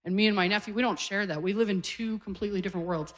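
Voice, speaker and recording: A woman's voice: mid-range voice, fairly even intonation, very fast, a bit bright, in a large hall. A woman in her forties from Canada doing a stand-up comedy set on stage, telling wry, conversational stories to a live crowd. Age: 40s. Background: audience laughter.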